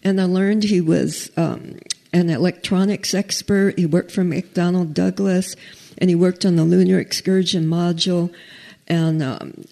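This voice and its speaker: Gravelly-voiced woman telling her testimony. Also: lowish voice, fairly even intonation, unhurried, warm tone. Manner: earnest, acts out quoted dialogue. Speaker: storyteller giving a faith testimony. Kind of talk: personal testimony, casual storytelling.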